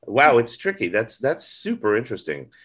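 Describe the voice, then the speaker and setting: A man's voice: medium pitch, huge pitch swings, moderate pace, a bit bright, breathy edge. A man in a casual literary discussion on a podcast, thinking aloud with frequent restarts and asides.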